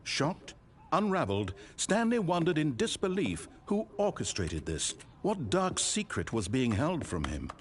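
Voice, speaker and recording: A wry, lively-voiced game narrator. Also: male voice, fairly high pitch. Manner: measured storytelling with dramatic swells. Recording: game audio with steady background noise.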